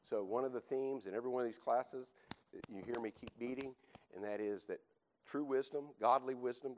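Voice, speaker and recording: Brief: male Bible teacher preaching to a class, emphatic, repeats himself, mid pitch. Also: rough recording. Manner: emphatic, repeats points, rhetorical "right?". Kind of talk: teaching sermon.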